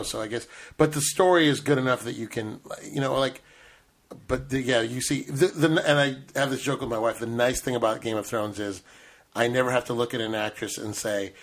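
A man's voice: mid-range voice, a bit bright. Rambling, joking male podcast host. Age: middle-aged. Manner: joking, rambling with many restarts. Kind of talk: casual chat.

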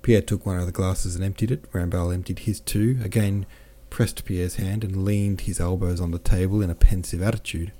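A man reads a classic novel aloud in a measured, steady narration. His voice sits low and sounds very dark and mellow, with a relaxed, even delivery. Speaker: audiobook narrator.

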